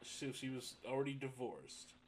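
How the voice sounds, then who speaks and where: A man's voice: mid-range voice, lively intonation, normal speed, rough recording. A man hosting a casual podcast and asking blunt, probing questions. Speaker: podcast host. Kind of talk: casual interview chat.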